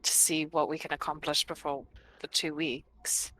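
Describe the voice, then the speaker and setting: A woman playing a tabletop game in character, reasoning in a measured way. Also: sits low, level tone, pushed and bright, a little hiss or hum. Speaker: player.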